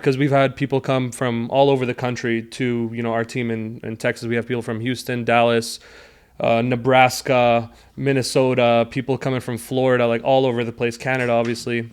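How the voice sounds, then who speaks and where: A man as an interview guest, explaining things earnestly in a measured way about his team. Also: mid-range voice, flat delivery, clean tone. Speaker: guest, sales team leader. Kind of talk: casual interview chat.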